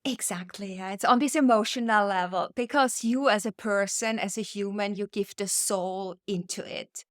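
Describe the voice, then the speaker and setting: A woman's voice: medium pitch, moderate pace, few pauses, fairly bright tone, no room sound, studio quality. A woman hosting a podcast interview, speaking in an affirming, emphatic conversational way. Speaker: podcast host.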